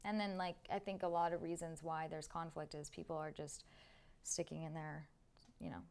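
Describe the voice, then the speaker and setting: Young woman guest on a podcast, kinda low gravelly voice, lots of likes and ums. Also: little pitch movement, moderate pace, darkish tone. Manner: chatty, lots of "like" and "um". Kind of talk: casual interview chat.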